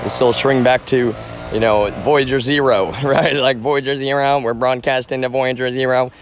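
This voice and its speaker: A man's voice: mid-range voice, fairly even intonation, normal speed, a little hiss or hum. A man streaming live outdoors on a phone, rambling and profane, often calling out to "y'all".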